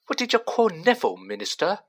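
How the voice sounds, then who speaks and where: A man voicing an excitable young male bus conductor in a storybook reading, loud, gleeful and eager. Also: sits high, normal speed, pitched above the performer's own voice, full character voice. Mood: excited.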